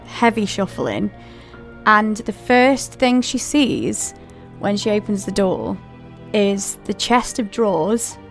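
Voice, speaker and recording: A woman hosting a podcast, telling a paranormal story in a chatty way and talking straight to her listeners with asides. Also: mid-range voice. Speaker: podcast host.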